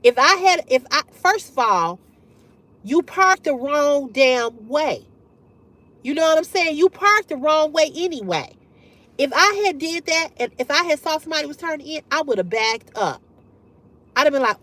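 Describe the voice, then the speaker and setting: A middle-aged woman hosting a livestream, telling a story to her chat in a candid, profane, animated way and laughing often. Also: sits high, measured pace, pauses often. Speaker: livestream host. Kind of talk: casual storytelling to live chat.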